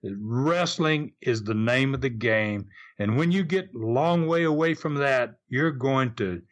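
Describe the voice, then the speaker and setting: A man's voice: medium pitch, lively intonation, measured pace. An older man with a Southern US accent, a retired wrestling promoter, telling stories in a casual interview in a rambling, folksy way with many restarts.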